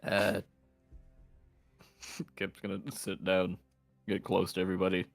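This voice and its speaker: A man playing in a tabletop game, speaking hesitantly with halting starts. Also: sits low, completely flat delivery, vocal fry, no room sound, faint music behind. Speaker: player.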